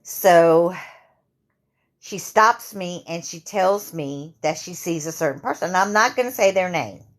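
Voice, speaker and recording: A woman in her fifties with a sore throat, telling her own story to camera in a halting way, full of fillers and restarts. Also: fairly low pitch, expressive. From Louisiana. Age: 50s. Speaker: vlogger.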